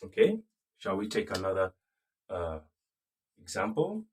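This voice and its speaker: A man with a Nigerian accent teaching French, slowly repeating phrases and checking that the class follows. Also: low voice, wildly swooping pitch, slight background noise. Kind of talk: slow classroom lesson. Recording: voice from a distance off the mic.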